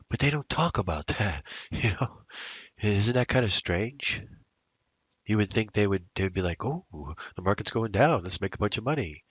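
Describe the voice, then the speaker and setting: A man's voice: on the low side, fairly bright tone, slightly rough, no room sound, dull audio. A man day trader giving rambling live commentary on his trades, talking to himself and drifting into musings. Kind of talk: live trading commentary over a screen recording.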